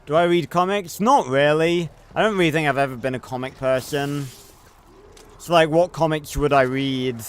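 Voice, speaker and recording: A man's voice: on the high side, normal speed, slight background noise. A man streaming a video game, giving casual, rambling commentary, thinking aloud and swearing freely.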